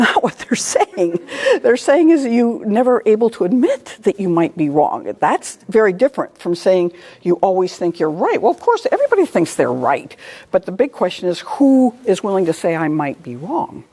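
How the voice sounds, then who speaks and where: A woman's voice: lowish voice, warm tone. A middle-aged woman giving a lecture in a conversational way, telling stories, laughing at her own anecdotes and often asking "all right?". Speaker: speaker giving a talk.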